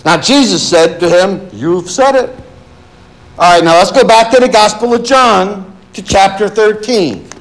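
A man's voice: sits high, measured pace, rough recording. A male pastor preaching a sermon in church, firing rhetorical questions at his congregation and reading scripture aloud.

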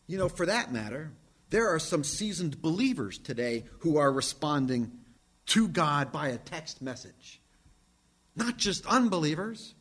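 A man preaching a sermon from the pulpit, emphatic, swinging from loud declarations to hushed asides. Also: a little high, big pitch swings, measured pace, husky. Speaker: pastor.

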